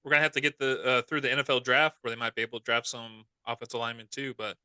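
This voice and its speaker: A man's voice: mid-range voice, little pitch movement, rapid-fire, bright, forceful tone, clear, resonant tone, no echo. A man co-hosting a fantasy football podcast in casual, rambling chat that often corrects itself mid-sentence. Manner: loose, rambling, self-correcting. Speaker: podcast co-host.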